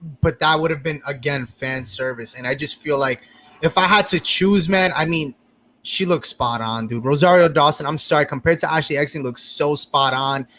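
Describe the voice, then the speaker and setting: Chatty man, fairly high voice. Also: moderate pace. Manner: animated, talks over others, many restarts. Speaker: podcast host. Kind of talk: casual group review chat.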